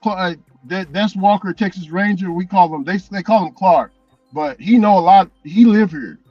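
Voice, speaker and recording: A man's voice: sits high, normal speed, mellow, dry recording, highs cut off, faint music behind. A man vlogging as a delivery driver, chatting casually and telling loose, profane stories with frequent laughs. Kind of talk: casual chat.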